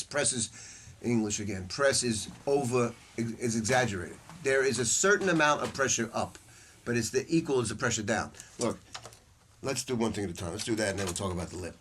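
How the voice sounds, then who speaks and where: A man's voice: medium pitch, animated, fast, a bit bright, slight background noise. An older man teaching a saxophone masterclass in a casual, blunt way, with slang and the odd swear word. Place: music store room with students.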